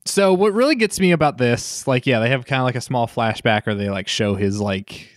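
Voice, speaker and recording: A young man co-hosts a loose movie-review chat, piling up "like" fillers and casual swearing as he rambles through his gripes. His voice sits at an ordinary pitch for a man. The recording is dry, with almost no room sound. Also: expressive, brisk, no echo. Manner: rambling, profane, filler-heavy, lots of "like". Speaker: podcast co-host.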